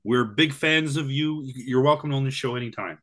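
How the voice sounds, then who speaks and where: A man's voice: mid-range voice, moderate pace, fairly bright tone. A man co-hosting a podcast in casual chat, opinionated and blunt, often stopping to restart his sentences. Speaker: podcast co-host.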